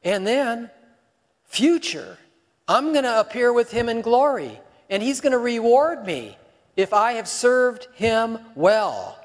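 A man's voice: very high voice, sing-song, slow, in a large hall. A man preaching a sermon in a conversational way, full of rhetorical questions.

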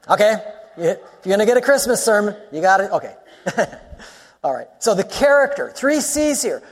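A man preaching a sermon as a pastor, in an animated teaching style with quick asides and rising exclamations. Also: sits high, long reverb tail.

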